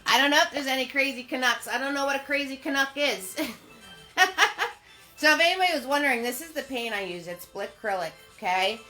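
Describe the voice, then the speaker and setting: A woman's voice: high voice, fairly quick, pushed and bright, faint music behind. A woman hosting a live painting lesson from her home. She chats with viewers, greets them by name and laughs often. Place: home studio.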